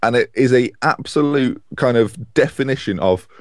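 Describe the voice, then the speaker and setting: A man co-hosting a casual football podcast, animated and opinionated. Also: medium pitch, moderate pace, dry recording, clean studio sound. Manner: animated, opinionated, chatty with restarts. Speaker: podcast co-host.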